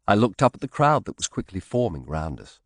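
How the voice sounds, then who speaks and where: Deep, expressive male audiobook narrator. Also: a little fast, dry recording, studio quality. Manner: expressive, dramatic storytelling. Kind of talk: first-person audiobook narration.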